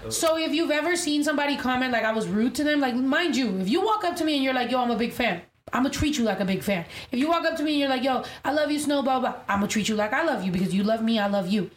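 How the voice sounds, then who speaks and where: A woman's voice: sits high, racing, hardly any pauses. A woman hosting a casual podcast chat, telling stories bluntly and with lots of profanity. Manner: blunt, profane, animated storytelling. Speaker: podcast host, rapper. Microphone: studio podcast mic. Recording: echoey room with faint ambience.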